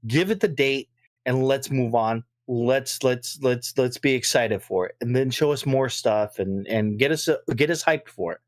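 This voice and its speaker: A man's voice: medium pitch, moderate pace, no echo, clean studio sound. A man ranting on a gaming podcast, exasperated and profane, often repeating himself. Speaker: podcast co-host. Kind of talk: heated podcast rant.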